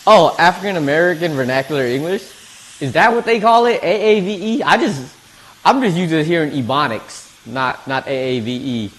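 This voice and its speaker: A man's voice: on the high side, moderate pace, fairly bright tone. A man streaming, chatting casually while he eats, laid-back and slangy, often repeating his words. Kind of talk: casual chat while eating.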